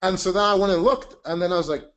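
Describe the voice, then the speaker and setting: A man's voice: high voice, quick pace, a bit bright. A man presenting a casual teaching webinar, chatty and emphatic, joking about himself.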